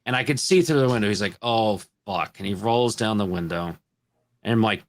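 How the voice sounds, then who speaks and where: A man from Illinois, a podcast guest telling crude, animated stories in a casual panel chat. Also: fairly low pitch, moderate pace.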